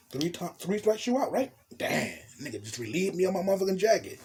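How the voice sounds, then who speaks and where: Raspy, slightly high-voiced man; blunt, profane, animated street storyteller. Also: brisk, few pauses. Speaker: storytelling vlogger. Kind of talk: casual storytime monologue.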